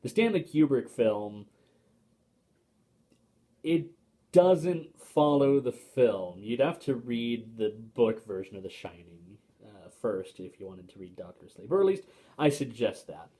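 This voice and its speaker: A man's voice: medium pitch, lively intonation, measured pace, mellow. A young man giving a casual spoken book review to camera, hesitant, with frequent fillers and restarts, and opinionated.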